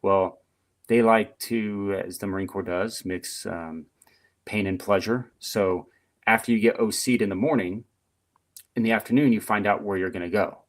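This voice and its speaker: Low-voiced man telling service stories. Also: moderate pace. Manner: chatty, animated storyteller with frequent fillers. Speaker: podcast guest, retired Marine. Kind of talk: casual storytelling interview.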